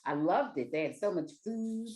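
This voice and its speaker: A woman's voice: lowish voice, animated, normal speed, dark tone. A retired woman in her sixties from the New York area, with a New York accent, co-hosting a casual video-call interview and chatting in a rambling, enthusiastic way. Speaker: co-host.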